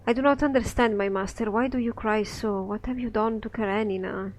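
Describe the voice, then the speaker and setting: A man's voice: high voice, steady tone, fairly quick. A man reading as a young apprentice telling a tale. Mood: storytelling. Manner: storytelling rhyming verse. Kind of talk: reading a scripted play aloud.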